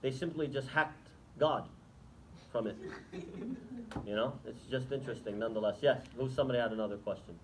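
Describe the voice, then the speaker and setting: A man's voice: mid-range voice, a little fast, long pauses, background noise. A man giving an Islamic lecture to students, talking conversationally and asking the audience rhetorical questions, then taking questions. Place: lecture room.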